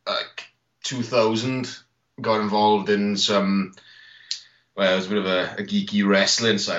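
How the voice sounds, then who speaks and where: Sweary rambling British guest, bright voice. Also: male voice, low voice. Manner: sweary, rambling, laughs often. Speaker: podcast guest. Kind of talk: casual chat. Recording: dull lo-fi podcast audio.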